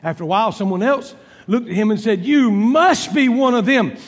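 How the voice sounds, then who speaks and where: A male preacher with a very high voice, delivering a sermon. He tells the story dramatically, voicing the characters and swinging between booming and hushed lines. His voice carries a long reverb, as from a big hall. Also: moderate pace. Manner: dramatic storytelling, acting out biblical dialogue with swings in volume. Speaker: pastor.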